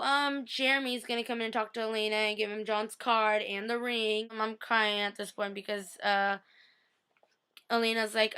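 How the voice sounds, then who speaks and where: A woman's voice: a little high, flat delivery, normal speed, bright, forceful tone, clean tone. A young woman recapping a TV episode for her vlog in a gushing, chatty way, full of "like" and "I was like".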